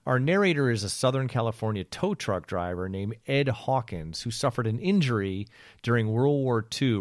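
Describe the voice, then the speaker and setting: A man co-hosting a podcast, giving a relaxed, chatty book review and laughing easily. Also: medium pitch, moderate pace, no room sound, studio quality. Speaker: podcast co-host.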